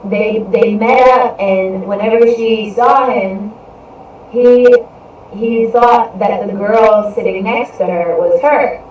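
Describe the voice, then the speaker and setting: Female podcast host, unhurried and rambling, mid-pitched, recorded off-mic in a very echoey room with faint noise. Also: darkish tone. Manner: rambling, fills with "you know". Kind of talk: casual storytelling monologue. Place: indoors, live stream. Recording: roomy echo, distant from mic, faint noise.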